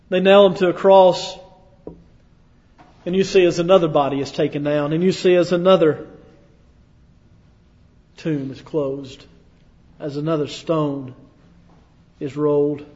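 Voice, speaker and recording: A male preacher telling a sermon as dramatic second-person storytelling, dropping to a hush and rising to loud declarations. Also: on the high side. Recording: echoey hall, dull lo-fi sound.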